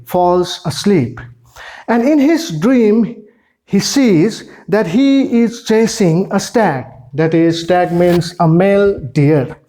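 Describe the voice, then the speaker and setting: Unhurried teacher, patient and repetitive, mid-pitched. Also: dark tone. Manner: slow, repetitive explaining with restarts. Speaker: English teacher. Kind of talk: classroom poem explanation.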